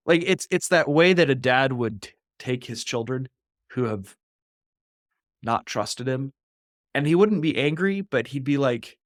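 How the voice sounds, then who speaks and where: A man's voice: mid-range voice, lively intonation, moderate pace, no echo, clean studio sound. A man co-hosting a podcast who talks through a Bible passage in an earnest, reflective way, sometimes acting out the voices he quotes. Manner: earnest and reflective, acts out voices when quoting. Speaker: podcast co-host. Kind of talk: conversational Bible discussion.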